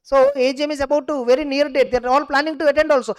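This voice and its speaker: A young woman giving an animated exam revision lecture, acting out both sides of each case and checking her class with "clear?". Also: high-pitched, very fast, hardly any pauses. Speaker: teacher.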